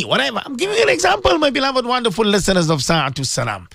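A man's voice: extremely high pitch, very animated, fast, creaky, a bit bright, dry recording. A man, a cleric hosting a radio show, speaks with emotion and keeps repeating rhetorical questions to his listeners. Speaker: radio host and Muslim cleric. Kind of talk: impassioned radio talk.

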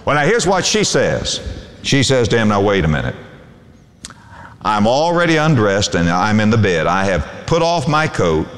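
A man's voice: very animated, normal speed, fairly bright tone. Preaching man in a reverberant hall. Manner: preaching with sweeping pitch swings, quoting scripture in old English. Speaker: pastor. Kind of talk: sermon.

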